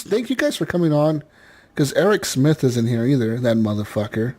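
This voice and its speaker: A man's voice: fairly high pitch, normal speed, darkish tone. A man hosting a gaming podcast in casual chat, joking, laughing often and swearing freely. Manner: laughing, swearing, loose and jokey. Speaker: podcast host.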